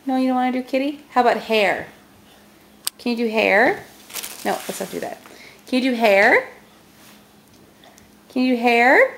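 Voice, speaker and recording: A woman's voice: fairly high pitch, lively intonation, moderate pace, pauses often, a bit bright, a little hiss or hum. A mother at home patiently coaxing her toddlers to sign, repeating simple words and praising each try.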